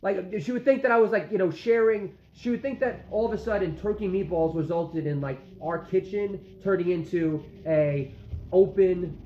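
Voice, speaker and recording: A man's voice: high voice, moderate pace, dark tone, a little hiss or hum. A man in his forties ranting comically and self-mockingly about his food, with many fillers. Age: 40s. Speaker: vlogger dad. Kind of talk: comic rambling rant. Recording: echoey room, dull lo-fi sound.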